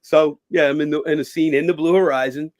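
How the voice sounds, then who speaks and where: A man's voice: a little high, fairly even intonation, fairly quick, a little mellow. A man, a guest telling rambling stories in a casual interview, full of "you know" and acted-out voices. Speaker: guest, former boxer.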